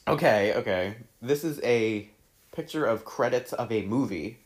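Excitable young man reacting with laughter. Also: medium pitch, a little slow. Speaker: vlogger reading his old posts. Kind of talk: casual chat.

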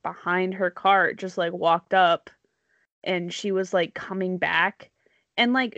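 A woman's voice: medium pitch, a bit bright, no room sound, dull audio. A woman telling a story in casual chat, rambling with many likes and ums, laughing often.

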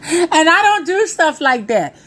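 A woman in her thirties telling viewers a personal story in a casual, animated way, talking straight to them. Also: very high voice, measured pace.

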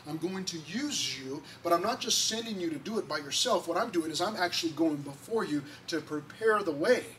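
High-voiced excitable pastor preaching. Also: male voice, fairly quick. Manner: excitable, conversational preaching with frequent restarts. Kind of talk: sermon. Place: church sanctuary. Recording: distant mic, faint background noise.

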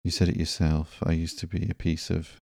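Brief: joking reformed villainess, read plainly by a man, deep and dark tone, dry close sound. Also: monotone, moderate pace, creaky, dry recording. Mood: flippant. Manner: flippant, joking. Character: wisecracking reformed woman villain.

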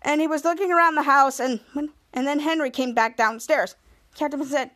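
A woman's voice: sits high, normal speed, a bit bright. A woman podcast host casually recapping a TV episode, retelling the plot with chatty "he's like" quoting.

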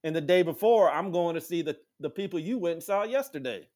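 Profane, animated man telling a story. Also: a little fast. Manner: animated, acts out quotes with sudden high-pitched voices, swears freely. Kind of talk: casual storytelling chat.

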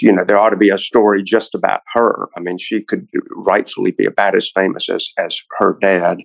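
A man's voice: fairly low pitch, vocal fry, no room sound, lo-fi sound. A man, a car collector guest on a podcast, telling a long story in a casual, rambling way with many restarts.

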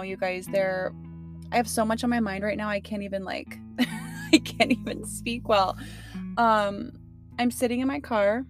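A young woman hosting her podcast from her car, talking casually and emotionally with lots of fillers. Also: medium pitch. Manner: chatty, emotional, many fillers and laughs. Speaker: podcast host. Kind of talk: casual heartfelt podcast talk.

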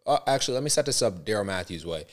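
A man co-hosting a podcast, telling stories in animated, loose casual chat and swearing freely. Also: fairly low pitch, racing, background noise. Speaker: podcast co-host.

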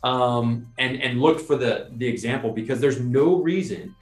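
A man co-hosting a podcast, explaining his point in a lively, persuasive way and often adding "right?". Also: medium pitch, moderate pace. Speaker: podcast co-host. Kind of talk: casual conversational explaining. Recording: roomy sound with faint music.

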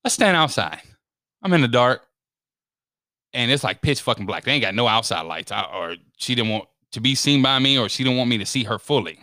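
This man speaks at medium pitch and a little fast, recorded at studio quality with no room sound. Chatting casually, he tells a funny story in an animated way, swearing and acting out what everyone said.

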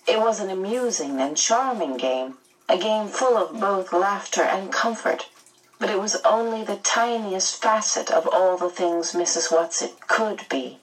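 A woman narrating a storybook chapter aloud in a measured, gentle way. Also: medium pitch, recorded from a distance, poor audio. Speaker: audiobook narrator.

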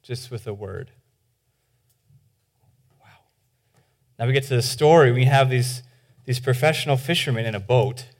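Animated man preaching a sermon. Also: mid-range voice, fairly quick. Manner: animated retelling, acting out the voices in the stories; informal, with many "like"s and restarts. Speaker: pastor.

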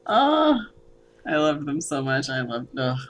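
A woman's voice: low voice, sing-song, unhurried. A woman co-hosting a podcast, enthusiastic and full of fillers and agreeing sounds. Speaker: podcast co-host. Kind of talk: casual chat.

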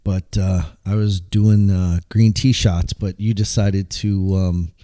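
A man's voice: low-pitched, fairly even intonation, slow, dark tone. A man co-hosting a casual podcast, easygoing and laughing at his own jokes. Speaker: podcast co-host. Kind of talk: casual chat.

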